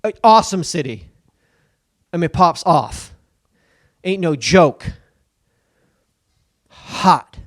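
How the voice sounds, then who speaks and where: A man's voice: a little high, sing-song, slow pace, pauses often, no room sound, studio quality. A man co-hosting a comedy podcast, riffing loosely with lots of swearing and slipping into goofy put-on voices. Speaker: podcast co-host. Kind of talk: casual comedic banter.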